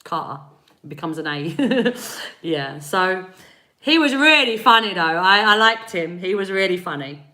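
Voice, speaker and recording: A woman's voice: medium pitch, animated, measured pace, sharp tone. A woman from East London with an East London accent, chatting on a live stream as a spiritual reader, rambling and laughing as she greets viewers by name. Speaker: spiritual reader and energy healer. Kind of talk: live-stream chat answering viewer comments.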